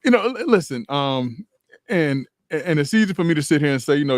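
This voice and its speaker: A man's voice: mid-range voice, fast, dry recording, clean studio sound. A man co-hosting a radio talk show, earnest, restarting often and stacking points in repeated phrases. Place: radio studio.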